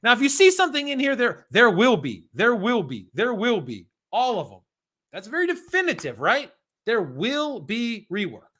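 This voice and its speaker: An American man running a live-streamed exam prep lesson, chatty and energetic, reading out practice questions and answering viewers in the chat. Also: extremely high pitch, normal speed.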